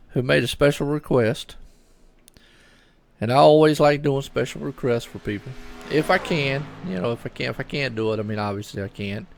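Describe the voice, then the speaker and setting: A man's voice: mid-range voice, creaky, a little hiss or hum. A middle-aged man, doing solo live commentary on a sim race and chatting loosely with viewers. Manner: chatty, rambling, talks to chat viewers.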